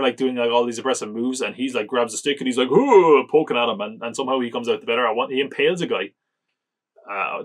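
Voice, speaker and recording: A man's voice: mid-range voice, a bit bright. Chatty man mocking a movie. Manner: chatty, lots of "like", chuckles often, mocking. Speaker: podcast host reviewing films. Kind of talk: casual film review chat.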